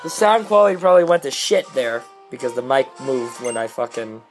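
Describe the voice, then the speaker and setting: A young adult player commentating their own competitive game battles, muttering quick strategy and breaking into swearing, exasperated outbursts over bad luck. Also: medium pitch, lively intonation, soft background music, poor audio. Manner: rushed, mumbled strategy talk between outbursts. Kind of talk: gameplay commentary.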